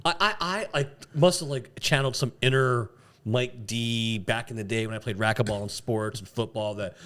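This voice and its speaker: A man's voice: medium pitch, moderate pace. A middle-aged man co-hosting a podcast, telling a story in casual chat, acting out the people in it and laughing often. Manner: animated storyteller, acts out shouted quotes, laughs often. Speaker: podcast co-host.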